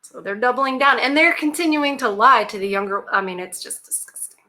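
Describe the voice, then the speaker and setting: A woman's voice: on the high side, lively intonation, a little fast, pushed and bright. A woman hosting a reaction video, giving blunt, sarcastic commentary and talking back at the clips.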